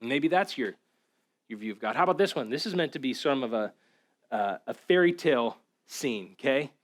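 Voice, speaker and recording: A pastor giving a relaxed, conversational sermon, talking casually with lots of fillers and repeated words. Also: male voice, medium pitch, moderate pace. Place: church.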